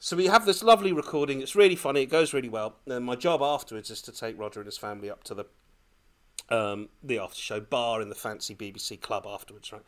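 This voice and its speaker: A man on a podcast telling a lively personal story in casual chat, laughing often as he goes. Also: mid-range voice, fast. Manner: animated, laughing, breathless when excited. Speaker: podcast co-host.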